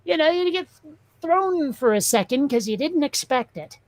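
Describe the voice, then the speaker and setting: A woman's voice: high voice, lively intonation, moderate pace, no room sound, low-quality recording. A woman hosting a casual chat show, telling rambling, profane comic stories. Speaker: show host.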